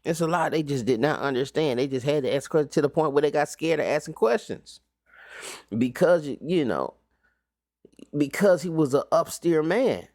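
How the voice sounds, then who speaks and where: A man's voice: fairly high pitch, animated, normal speed, a little mellow, dry recording, clean studio sound. A man teaching an informal Bible study recap, talking casually with slang and rhetorical questions.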